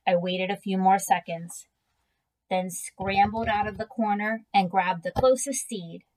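Slow, gentle woman reading a storybook. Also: medium pitch, fairly even intonation, rough recording. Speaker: reader. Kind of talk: children's book read aloud.

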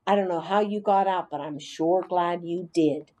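A woman voicing a kind, gentle schoolboy with a soft, friendly way of talking. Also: fairly low pitch, moderate pace, lightly acted.

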